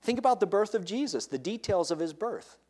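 Male preacher, mid-high voice, emphatic sermon delivery with questions to the room. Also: big pitch swings, fairly quick, darkish tone. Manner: asks the listeners questions, stresses key words.

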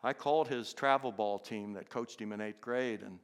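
A man in his fifties, a teacher telling a personal testimony, who swings from loud excitement to soft, hushed tones. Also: normal speed, clear, resonant tone. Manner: animated, jumps into high excited voices for characters, then drops soft and hushed. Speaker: teacher and inspirational speaker. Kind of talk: storytelling testimony.

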